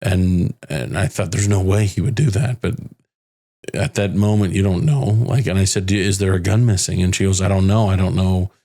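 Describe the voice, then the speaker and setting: A bereaved father, a podcast guest, recounting a hard personal story in a halting way with many restarts. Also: deep voice, mellow. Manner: halting, restarts often, quotes others' words. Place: home in the Phoenix area.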